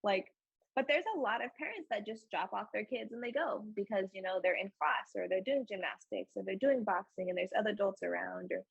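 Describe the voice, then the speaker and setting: Husky young woman, candid and earnest. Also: mid-range voice, animated, a little fast, no echo, muffled recording. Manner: earnest and emotional, frequent fillers and laughs. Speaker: podcast guest. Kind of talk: candid conversational interview.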